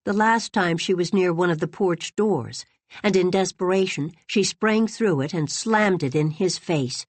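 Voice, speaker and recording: Low-voiced woman narrating an audiobook. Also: unhurried, no echo. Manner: dramatic, expressive storytelling. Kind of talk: scripted narration.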